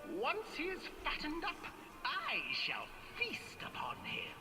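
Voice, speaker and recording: Old witch voiced by a man, high and theatrical, slow and swooping. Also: huge pitch swings, exaggerated voice. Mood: menacing. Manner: high, sing-song, theatrical. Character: cackling old female witch, cruel and greedy. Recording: long reverb with music behind.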